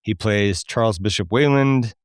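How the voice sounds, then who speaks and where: A man co-hosting a podcast, chatting casually about a movie and pausing often to find his words. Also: fairly low pitch, smooth, no echo, clean studio sound. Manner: hesitant, many fillers and restarts. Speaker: podcast co-host. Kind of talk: casual chat reviewing a movie.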